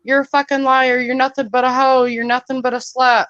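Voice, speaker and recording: A woman's voice: high voice, level tone, fairly quick, a bit bright, clear, resonant tone, dry recording. Upset woman on a dry, muffled line. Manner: upset, swearing, apologetic. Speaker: caller on a live stream. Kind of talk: upset live-stream call. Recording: dry, muffled lo-fi call audio.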